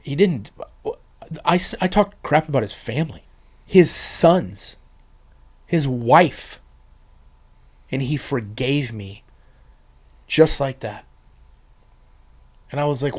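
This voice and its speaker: Man, podcast guest, earnest testimony, intense, loud then hushed, mid-pitched voice. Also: expressive, takes it slowly, pauses often. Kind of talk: personal testimony storytelling.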